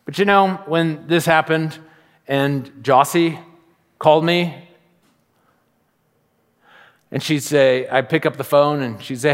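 A middle-aged man preaching a sermon as pastor, telling stories and acting out little asides in an animated way. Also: a little high, slow pace, long pauses. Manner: animated storytelling with acted-out asides. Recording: long reverb of a large hall.

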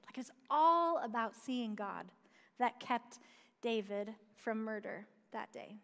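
A woman's voice: fairly high pitch, a little slow, a bit bright. A woman preaching a sermon in a conversational way, asking rhetorical questions and dropping light asides. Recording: long hall reverb.

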